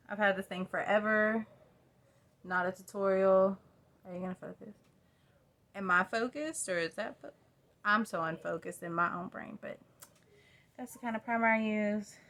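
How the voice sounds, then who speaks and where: A woman's voice: medium pitch, moderate pace, long pauses, a bit bright. A young woman with a drawl talks casually to her phone camera at home. She rambles, laughs at herself and chats with her viewers while she does her makeup. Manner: chatty, rambling, self-deprecating. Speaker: vlogger. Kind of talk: casual get-ready-with-me chat. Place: at home by a mirror.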